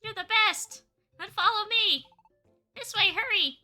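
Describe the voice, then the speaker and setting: An eager young Pokémon kid gushes in high, breathless bursts, as a woman reads the game's lines aloud. The voice is very bright and sharp, with the game's music running faintly underneath. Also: expressive, a little slow, exaggerated voice. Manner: breathless, gushing.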